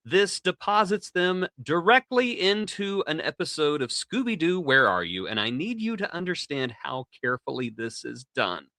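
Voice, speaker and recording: Animated theatrical man recapping on a podcast. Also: on the high side, normal speed, hardly any pauses, no echo, clean studio sound. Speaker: podcast co-host. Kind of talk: enthusiastic casual podcast recap.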